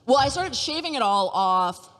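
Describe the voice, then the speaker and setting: A woman's voice: a little high, sing-song, moderate pace, fairly bright tone, big-room sound. A woman hosting a podcast, chatting frankly and giggling, with lots of "like". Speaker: podcast host. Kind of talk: casual chat.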